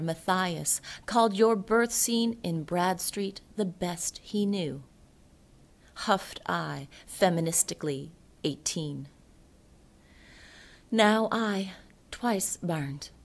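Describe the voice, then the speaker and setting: A woman reading her poems aloud in a slow, hushed delivery that often sinks into a whisper. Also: medium pitch. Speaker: poet. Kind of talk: poetry reading.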